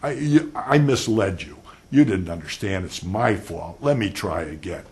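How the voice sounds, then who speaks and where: A man's voice: on the low side, lively intonation, measured pace, a little mellow. A man putting on a sweetly apologetic woman lawyer in a lecture. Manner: overly polite, apologetic.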